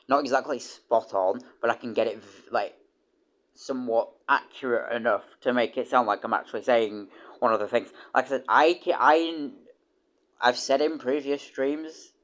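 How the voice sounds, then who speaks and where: A young British man streaming, chatting casually and rambling with many restarts and casual swearing. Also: medium pitch. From United Kingdom. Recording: dull lo-fi stream audio.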